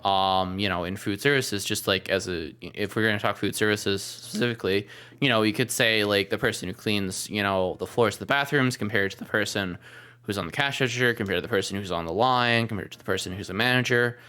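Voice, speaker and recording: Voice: low voice, fairly quick, bright, forceful tone, clean tone. A podcast host chatting casually on a livestream, rambling with lots of fillers and the odd swear word.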